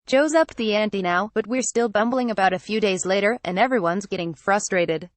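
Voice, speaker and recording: A woman's voice: mid-range voice, normal speed, no echo. Woman reading a memoir excerpt, dry sound. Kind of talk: steady read-aloud narration.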